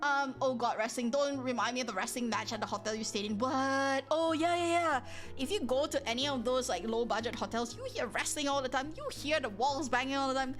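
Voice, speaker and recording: A woman's voice: sits high, brisk. A woman hosting a live stream, chatting casually with viewers, rambling, breaking off mid-sentence and often laughing as she talks. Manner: animated, rambling, frequent self-interruptions and exclamations. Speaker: livestream host. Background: soft background music.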